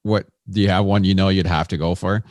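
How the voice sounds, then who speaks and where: A man co-hosting a podcast who asks relaxed, easygoing questions. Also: low-pitched, a little fast, dry recording, studio quality. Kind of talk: casual interview chat.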